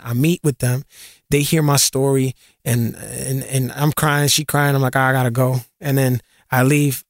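Casual guy telling his story in an interview, lots of slang and repeated words, dry sound, middle pitch. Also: no room sound. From New York. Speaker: interview guest, singer and actor.

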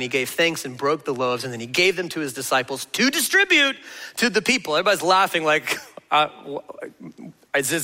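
A man preaching a sermon as pastor, telling the story in an animated, conversational way. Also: a little high, in a large hall. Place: church auditorium.

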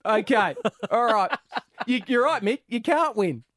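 An Australian man hosting a talkback radio show, animated and jokey, quick to laugh. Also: very high-pitched, no echo, studio quality.

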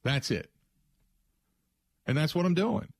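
A man's voice: a little high, animated, slow pace, husky, dry recording. A man hosting a sports talk radio show, giving an emphatic, rambling opinion monologue with frequent restarts. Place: radio studio.

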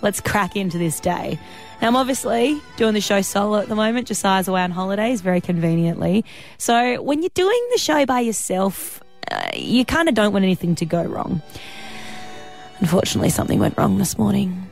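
A woman hosting a radio show from the studio, chatty and bubbly with quick laughs. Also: medium pitch, big pitch swings, gravelly, a little mellow, soft background music. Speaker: radio host. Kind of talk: casual radio chat. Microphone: studio mic.

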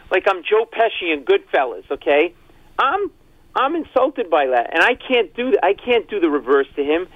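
A man's voice: a little high, big pitch swings, normal speed, no echo, phone-quality sound. A male comedian telling rambling jokes as a guest in a casual radio phone interview. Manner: rambling, joking storyteller, frequent laughs.

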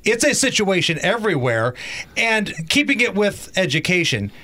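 A male talk radio co-host with a notably high, bright voice. He speaks wryly and jumps in quickly with comments. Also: very animated.

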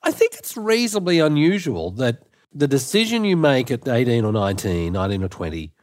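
A man's voice: medium pitch, sing-song, brisk, a little mellow. A man interviewing a guest, musing thoughtfully before putting his questions. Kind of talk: conversational interview.

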